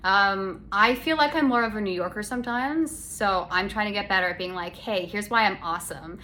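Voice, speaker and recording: A woman's voice: mid-range voice, animated, a little fast, sharp tone, slight background noise. A young adult woman from Canada, hosting a casual solo podcast chat in a sarcastic, rambling way with lots of self-corrections. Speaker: podcast host. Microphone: phone.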